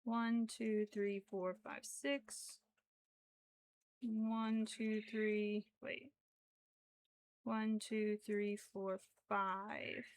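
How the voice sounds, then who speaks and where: A woman's voice: mid-range voice, flat delivery, very slow. A woman streaming her crochet work, chatting casually in a rambling way full of fillers and counting stitches half to herself. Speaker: craft streamer. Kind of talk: casual livestream chat while crocheting.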